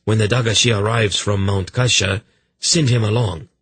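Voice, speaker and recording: A man's voice: on the low side, fairly even intonation, moderate pace, fairly bright tone, slightly rough, no echo, pitched above the performer's own voice. A man voicing a nervous, sly small king with a rat-like face, who talks hastily to placate and then asserts himself stiffly. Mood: haughty. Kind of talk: audiobook character voice.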